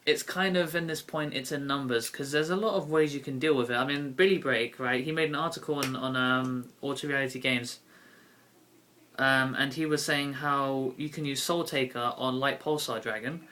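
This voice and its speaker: A man's voice: mid-range voice, steady tone, normal speed, sharp tone. A young man with a British accent, talking casually to camera in a rambling vlog full of ums and restarts. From Britain. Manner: rambling, many fillers and self-corrections. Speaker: YouTube card game vlogger.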